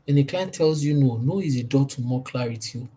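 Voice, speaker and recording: A man's voice: medium pitch, fairly quick, mellow, breathy edge. A man giving a sales training talk, pressing each point hard and repeating key phrases. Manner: emphatic and repetitive, stresses points by repeating them.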